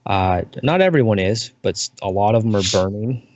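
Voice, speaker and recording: A man narrating as dungeon master, describing scenes in a relaxed, unhurried way. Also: lowish voice, no room sound. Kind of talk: narrating a tabletop game. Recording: muffled lo-fi recording.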